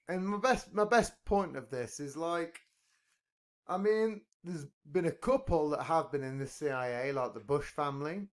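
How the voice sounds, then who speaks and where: A man talking in a loose podcast chat, his voice sitting a little high and bouncing around a great deal in pitch. He rambles, swears freely and jokes as he goes. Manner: profane, rambling, jokey. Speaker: podcast talker.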